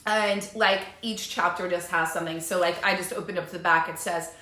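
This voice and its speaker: A woman's voice: on the low side, fairly even intonation, fairly quick, pushed and bright. A woman talking in a casual live stream as a life coach, bubbly and chatty with lots of fillers. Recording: echoey room.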